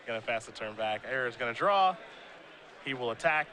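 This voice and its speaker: Bright-toned male play-by-play caller. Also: medium pitch, a little fast. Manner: relaxed, conversational calling of the action. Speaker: play-by-play commentator. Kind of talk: live game play-by-play.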